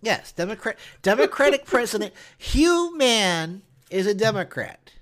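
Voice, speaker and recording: A man's voice: high voice, sing-song, unhurried, fairly bright tone. A man hosting a podcast, arguing earnestly in casual political chat, often restarting his sentences. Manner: earnest, argumentative, many restarts. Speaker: podcast host.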